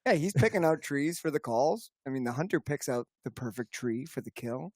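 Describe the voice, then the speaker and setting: A man's voice: a little high, lively intonation, brisk, a little mellow, no room sound, studio quality. A man co-hosting a hunting podcast, dropping wry quips between laughs. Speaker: podcast co-host. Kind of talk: casual podcast banter.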